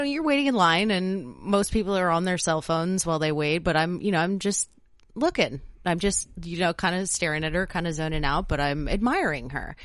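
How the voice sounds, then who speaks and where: A woman's voice: sits low, a bit bright, no room sound, clean studio sound. A woman co-hosting a podcast, telling a story in casual chat, blunt and cursing freely. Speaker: podcast co-host.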